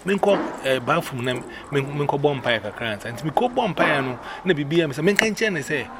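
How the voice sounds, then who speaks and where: A man with a Ghanaian accent telling a personal story in casual, animated speech, acting out the voices he quotes. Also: fairly high pitch, fast talker, heavy background noise.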